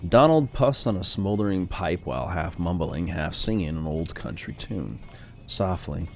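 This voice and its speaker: A man playing a story game, reading its text aloud with quiet, unhurried asides. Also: lively intonation. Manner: low-key, unhurried, muttering asides. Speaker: let's play gamer.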